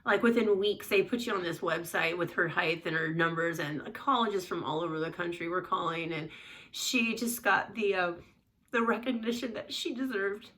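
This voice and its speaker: A woman's voice: fairly low pitch, moderate pace, a bit bright, distant mic. A middle-aged woman, a mother, telling a personal story in a chatty, rambling way, acting out the voices in her quotes.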